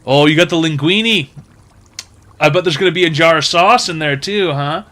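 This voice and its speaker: A man putting on a prying, overly friendly grocery cashier who chirps small talk about every item. The voice sits a bit higher and brighter than the man's usual talk, cheerful and nosy. It is an unwelcome bright sing-song. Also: moderate pace.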